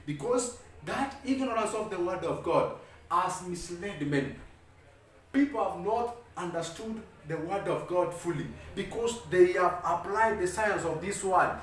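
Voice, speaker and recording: A man preaching a sermon as an evangelist, reading scripture slowly and building his points with rising emphasis. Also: high-pitched. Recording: very echoey room, heard from a distance.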